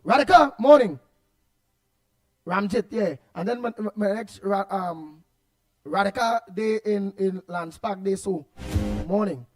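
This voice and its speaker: High-voiced Trinidadian male radio host. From Trinidad and Tobago. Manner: animated Trinidadian Creole storytelling, repeats words. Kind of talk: call-in radio talk.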